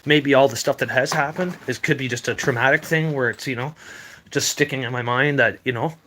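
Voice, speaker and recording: This paranormal video maker, a young man, talks fairly quickly in a sharp mid-range voice while loosely narrating weird experiences. Swearing and filler words run through his rambling delivery.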